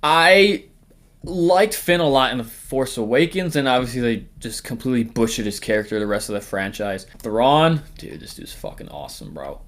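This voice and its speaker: A man's voice: medium pitch, lively intonation, moderate pace, a bit bright. A man hosting a casual tier-list ranking, talking in a rambling, jokey way, swearing often and sometimes trailing off into mumbles and whispers. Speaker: host.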